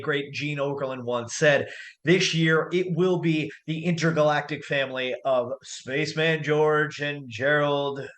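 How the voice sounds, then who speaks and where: A man's voice: on the high side, a bit bright. A man hosting a comedic wrestling predictions show with hammy announcer flair. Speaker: host.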